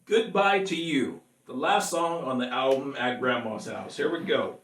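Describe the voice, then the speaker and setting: A man's voice: mid-range voice, normal speed, a bit bright. A man, a singer-songwriter, chatting casually with viewers between songs, rambling and laughing often. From California. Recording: echoey room, mic at a distance.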